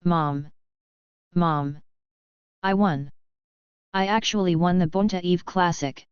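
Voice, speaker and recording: An eager nine-year-old boy, breathless with hope, read by a woman in her own low voice. The sound is smooth and crisp but dull and lo-fi, with a dry, close feel. The boy comes through in a storybook reading. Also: takes it slowly, dry recording. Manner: breathless excited.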